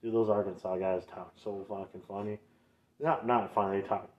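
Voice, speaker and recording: Young man, minnesotan accent, low voice, cursing casual storyteller, dull lo-fi sound. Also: steady tone, normal speed, darkish tone. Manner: loose, swearing, laughing storyteller. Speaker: podcast co-host. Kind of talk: casual chat.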